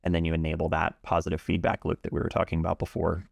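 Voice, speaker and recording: Low gravelly calm-spoken man. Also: no room sound. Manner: calm, measured explanations. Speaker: pool instructor. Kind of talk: interview talk.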